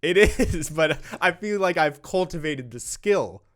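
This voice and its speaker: Higher-voiced young man musing aloud. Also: lively intonation, unhurried. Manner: musing, self-explaining, laughs easily. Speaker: podcast co-host. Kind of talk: casual chat.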